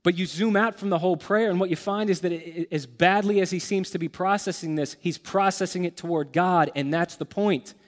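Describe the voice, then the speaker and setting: Man, pastor, sermon, earnest and halting, slightly high voice, long hall echo.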